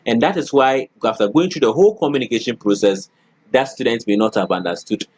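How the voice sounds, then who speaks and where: A man's voice: mid-range voice, fairly quick, slightly rough, no room sound. A middle-aged man lecturing a college class, often checking in with "okay" and "all right" and acting out spoken examples.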